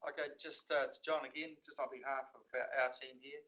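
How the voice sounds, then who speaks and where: A male company executive speaking plainly and a bit haltingly on an earnings call. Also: mid-range voice, flat delivery. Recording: dull lo-fi call audio.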